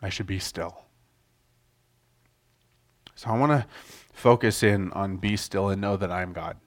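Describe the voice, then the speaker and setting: A middle-aged man preaching a casual sermon in a conversational way, often restarting his sentences and acting out quotes loudly. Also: deep voice, a little slow.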